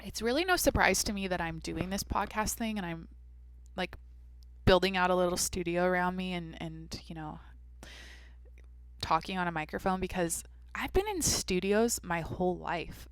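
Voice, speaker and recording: A woman's voice: lowish voice, moderate pace, no room sound. A woman in her twenties hosting a solo podcast, rambling candidly and swearing casually into a microphone in a small home studio. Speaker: podcast host.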